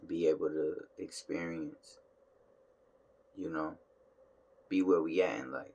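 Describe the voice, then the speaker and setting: A man's voice: very deep voice, slow, darkish tone, breathy edge, dull audio. A tired man talking casually to his phone camera at home, in a laid-back, slangy way that drawls and trails off. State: tired, yawning. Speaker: vlogger. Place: home room.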